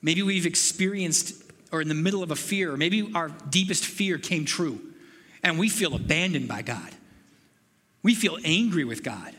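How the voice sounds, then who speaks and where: A man preaching with a high, light voice that rings through a reverberant hall. He speaks earnestly and piles up questions with growing urgency. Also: expressive, moderate pace, a bit bright. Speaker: pastor. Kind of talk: sermon.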